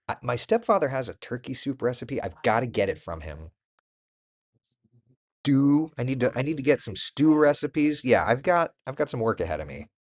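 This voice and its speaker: A man hosting a casual morning chat, reading out and reacting to viewer comments by name, with laughs along the way. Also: fairly low pitch. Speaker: host.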